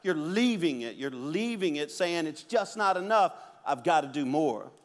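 A middle-aged man preaching a sermon as a pastor, animated and acting out the quotes and stories he tells. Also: on the high side, moderate pace. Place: church sanctuary. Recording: long hall reverb.

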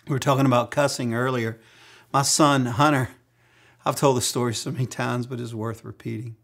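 A man's voice: mid-range voice, moderate pace. A middle-aged man preaching a sermon as pastor, mixing humorous personal stories with acted-out quotes.

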